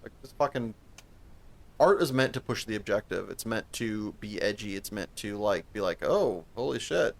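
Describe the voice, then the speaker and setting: A man's voice: fairly low pitch, moderate pace. A man co-hosting a podcast, talking casually about a movie, rambling with restarts and plenty of swearing. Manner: rambling, profane, restarts often. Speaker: podcast co-host. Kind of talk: casual chat.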